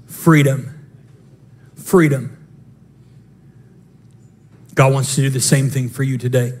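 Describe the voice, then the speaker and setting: A pastor in his thirties delivering a lively sermon, telling a family story and acting out quotes. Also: mid-range voice. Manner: animated, storytelling with voiced quotes. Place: church sanctuary.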